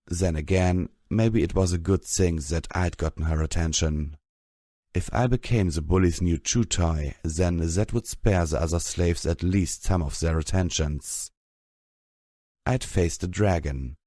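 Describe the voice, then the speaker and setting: A man reading a story aloud in steady, measured scripted narration. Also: low-pitched, no echo, clean studio sound. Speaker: audiobook reader.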